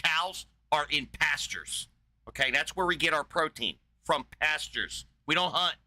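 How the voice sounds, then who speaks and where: Guy ranting and cursing nonstop, super bright sharp voice, fed up. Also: a little high, animated, a little slow, dry recording, rough recording. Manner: exasperated, swearing heavily. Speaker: podcast host reacting to a debate. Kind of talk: profane angry rant.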